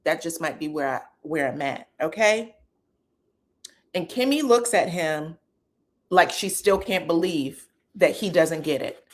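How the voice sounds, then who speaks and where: Animated woman recapping reality TV. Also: a little slow. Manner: animated, acts out quotes from the show with big pitch jumps. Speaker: reality TV commentator. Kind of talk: casual reaction commentary.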